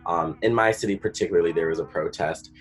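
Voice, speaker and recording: A man sharing a personal story in an interview, animated and acting out the voices of others. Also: low voice, fast talker. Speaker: interviewed artist.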